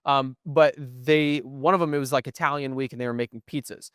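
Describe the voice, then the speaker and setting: Young guy rambling on a podcast, keeps going "right?", smooth clean voice, dry sound. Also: mid-range voice, fairly even intonation, fairly quick, fairly bright tone, dry recording. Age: young adult. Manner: explains at length, often adds "right?". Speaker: podcast co-host. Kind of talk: casual chat. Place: museum.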